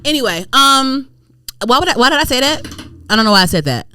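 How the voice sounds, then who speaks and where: A young woman from Maryland co-hosting a podcast, rambling through animated casual chat with lots of fillers. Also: high-pitched, a little fast, clean tone. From United States, Prince George's County, Maryland. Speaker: podcast co-host.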